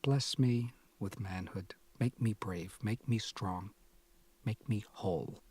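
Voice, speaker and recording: A man's voice: on the low side, slow, darkish tone, slightly rough. A man narrating a first-person audiobook in an anguished, sardonic, confessional manner.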